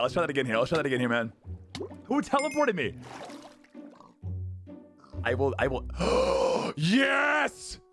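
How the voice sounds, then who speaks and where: A young man streaming a modded game and talking to his chat, frantic, repeating himself and often shouting. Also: high-pitched. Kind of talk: excited gameplay commentary. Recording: music playing clearly under the voice.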